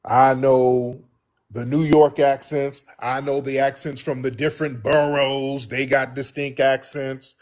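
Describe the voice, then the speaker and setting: A man holds forth as a show host. His voice sits at an ordinary middle pitch. He speaks bluntly and with animation, circling back over the same points. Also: unhurried. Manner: animated, blunt, repeats himself. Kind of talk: casual monologue to listeners.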